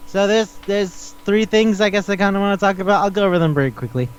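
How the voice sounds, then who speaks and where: A man's voice: sits high, quick pace, clean tone, lo-fi sound. A man hosting a casual podcast chat, rambling and swearing as he retells scenes and acts out the dialogue. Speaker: podcast host.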